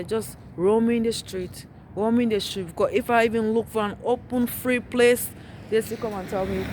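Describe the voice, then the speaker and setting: A woman vlogging outdoors on a dark street at night, ranting in an agitated, repetitive way as she walks, with passing traffic behind her. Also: on the high side, moderate pace. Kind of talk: angry street vlog rant.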